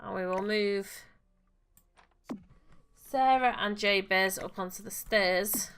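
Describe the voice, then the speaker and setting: Bright-voiced woman narrating gameplay. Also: mid-range voice, takes it slowly, a little hiss or hum. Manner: coos and fusses gently at the game characters. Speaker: gaming channel host. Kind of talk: casual let's-play commentary.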